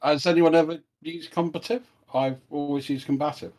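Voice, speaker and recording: A man's voice: a little high, steady tone, normal speed, a little mellow. A man in a casual online debate who teases and needles the others.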